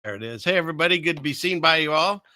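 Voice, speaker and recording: Speaking rapid-fire in a fairly high, sharp-toned voice with lively intonation, an older man runs a laid-back live stream at his computer. He rambles, pokes fun at himself, and keeps restarting and filling pauses, all from a small upstairs room over a fireplace, with no echo.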